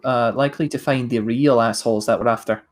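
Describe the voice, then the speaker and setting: A man's voice: medium pitch, steady tone, fast talker. A man playing a tabletop game, arguing his plans in casual chat. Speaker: player.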